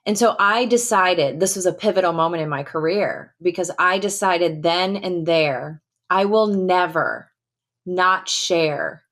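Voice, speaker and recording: Candid middle-aged woman, low-pitched storyteller. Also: fairly bright tone. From United States. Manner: candid, emphatic storytelling with casual fillers. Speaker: podcast guest, retired Air Force colonel. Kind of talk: personal storytelling in a podcast interview.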